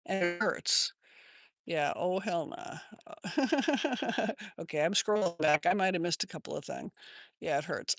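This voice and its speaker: A woman's voice: fairly low pitch, lively intonation, measured pace. An older woman with an American accent hosting a casual livestream from her yard, rambling and chatting as she answers viewer comments on a phone. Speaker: livestream host.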